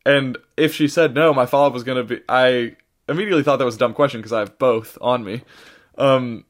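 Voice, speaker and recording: A man's voice: mid-range voice, fairly even intonation, a little fast. A man on a podcast telling a long travel story in casual chat, rambling with many fillers and restarts, sounding tired. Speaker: podcast co-host.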